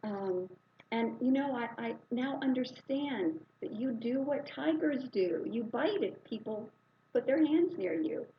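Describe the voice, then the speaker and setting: Woman playing a naive young cat-loving man, earnest, excitable, highish voice, muffled recording. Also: unhurried, distant mic, a little hiss or hum. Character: naive young man who loves cats. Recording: slightly dull, muffled recording.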